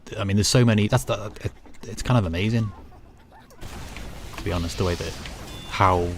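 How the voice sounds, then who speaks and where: A man's voice: lowish voice, a little fast, slight background noise. A man with a northern English accent, chatting casually and rambling to his chat while gaming on a livestream. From northern England. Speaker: streamer.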